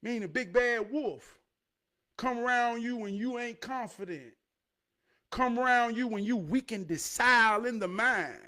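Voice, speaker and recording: Very high-voiced man preaching streetwise motivation. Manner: streetwise, profane, building to shouted emphasis; repeats phrases for effect, drawn-out delivery. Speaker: motivational speaker.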